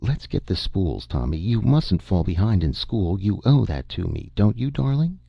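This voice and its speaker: A worn-out, flat-voiced mother speaking softly to her son, as a male narrator reads her in a storybook. The voice stays low and gravelly, and the recording is dull and dry. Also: moderate pace, no echo, exaggerated voice. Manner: flat, soft. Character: tall thin tired mother, soft with her son.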